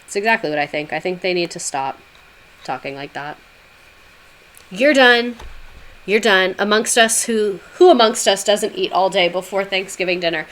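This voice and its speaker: A woman's voice: fairly low pitch, fairly quick. A woman livestreaming a casual history talk, chatting with viewers in a sarcastic, chatty way with swearing asides.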